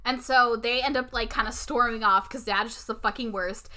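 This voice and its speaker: A woman's voice: a little high, steady tone, brisk, bright, forceful tone. A woman co-hosting a podcast, chatty and opinionated, casually swearing while recapping a movie. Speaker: podcast co-host.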